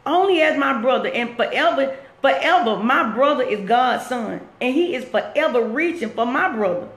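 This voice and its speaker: Earnest, repetitive woman motivating live viewers; slightly high, echoey room. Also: expressive, moderate pace. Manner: earnest and preachy, repeats herself. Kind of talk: casual live-stream talk. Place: at work, roomy space.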